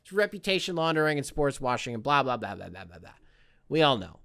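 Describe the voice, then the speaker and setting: Excitable, profane man hosting a podcast. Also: medium pitch, fast talker, creaky, smooth. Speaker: podcast host. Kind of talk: casual solo commentary.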